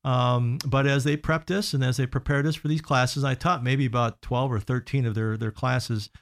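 A middle-aged man, a guest consultant on a radio talk show, telling workplace stories in an earnest, halting way with many restarts and fillers. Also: mid-range voice, steady tone. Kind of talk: casual radio storytelling.

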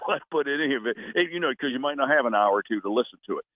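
Over a tinny phone line with no room sound, an American retired Coast Guard vice admiral in his sixties gives interview answers as a guest. His mid-range voice is expressive, and he speaks earnestly but haltingly, restarting frequently and signing off each answer with "over."

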